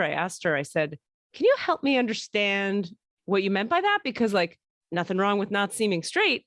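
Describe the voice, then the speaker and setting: A woman's voice: medium pitch, a bit bright, no echo, clean studio sound. A woman hosting a podcast, telling long casual stories, swearing freely and laughing as she talks. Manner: chatty storyteller, swears, laughs often. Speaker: podcast host. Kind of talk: casual chat.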